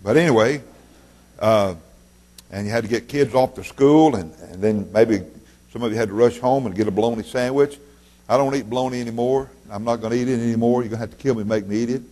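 A man's voice: medium pitch, quick pace, dark tone. A man, a guest preacher telling folksy jokes and stories in a sermon. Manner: folksy storyteller, joking asides.

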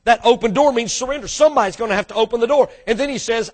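A man preaching a sermon as the church's pastor, swinging from loud bursts to hushed asides and calling out to the congregation. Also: very high voice, very fast. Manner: calls out to the congregation for response.

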